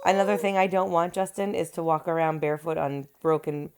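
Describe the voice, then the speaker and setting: A woman's voice: sits low, steady tone, fairly quick, darkish tone, a little hiss or hum. A woman co-hosting a casual movie review, teasing dryly while watching the film. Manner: dry, teasing.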